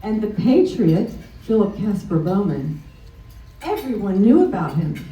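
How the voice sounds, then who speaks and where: A woman's voice: mid-range voice, very animated, measured pace, warm tone. A middle-aged woman giving a personal presentation at a chapter meeting, hesitant, with frequent ums and restarts. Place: meeting room during a luncheon. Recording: roomy sound from a distant mic.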